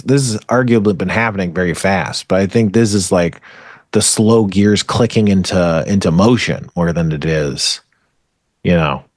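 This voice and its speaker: A man's voice: sits low, no room sound, studio quality. A man co-hosting a podcast, ranting in a rambling, profane, exasperated way in casual chat. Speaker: podcast co-host.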